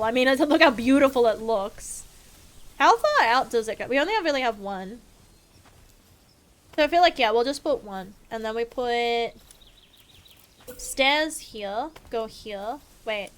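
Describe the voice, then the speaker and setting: A woman's voice: on the high side, a bit bright. A young woman streaming a game live, chatting casually with viewers in a playful, sarcastic way and swearing freely. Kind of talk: casual live-stream chat while gaming.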